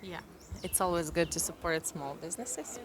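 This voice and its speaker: A woman's voice: fairly low pitch, lively intonation. A woman co-hosting a casual chat at a cafe, speaking in an easygoing way. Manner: slow, easygoing, drowsy opening. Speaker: vlog co-host. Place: outdoor cafe terrace. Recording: busy crowd chatter behind.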